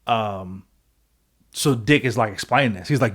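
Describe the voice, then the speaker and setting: A young adult man co-hosting a podcast, excitedly retelling a story in a rambling, casual way with lots of fillers and swearing. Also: lowish voice, normal speed, pauses often. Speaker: podcast co-host.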